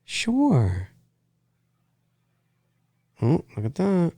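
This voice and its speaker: Lively male podcast host, dry sound. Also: fairly high pitch, drawn-out words, husky, dry recording. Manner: reads viewer questions aloud, casual and laughing. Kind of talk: live movie commentary chat.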